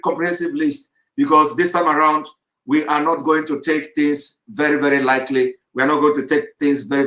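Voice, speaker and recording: A man giving a live online address to his followers, insistent and repetitive, in the manner of forceful oratory. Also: a little high. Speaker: activist leader giving a live broadcast. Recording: roomy echo.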